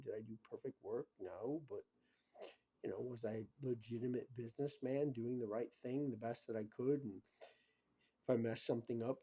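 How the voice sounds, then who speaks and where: A man rambles through a loose, casual monologue, filling the gaps with "you know" and "bro". His voice has a mellow, darker color, and he drifts from quiet muttering into loud, pressing emphasis. Pitch sits around the middle for a man. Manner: swings between muttering and loud emphatic outbursts. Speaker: vlogger.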